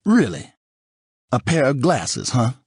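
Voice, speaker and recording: A man's voice: mid-range voice, sing-song, slow, a little mellow, breathy edge, no room sound, clean studio sound, pitched above the performer's own voice, heavily acted. A man voicing a furious profane ex-husband. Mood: furious taunting. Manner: snarling, sarcastic taunting.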